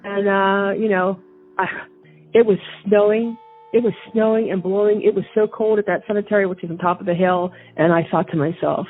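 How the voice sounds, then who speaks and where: A woman with a mid-range voice and fairly even intonation speaks at normal speed as an interview guest. She tells a personal story with indignation, frequently repeating and restarting, heard through a tinny phone line with faint music.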